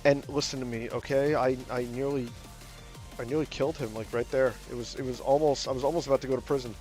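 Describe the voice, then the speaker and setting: A young man chatting casually on a stream while drawing, rambling with lots of fillers and restarts, swearing freely and getting loud and animated when he rants. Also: mid-range voice, fast. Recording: faint music behind.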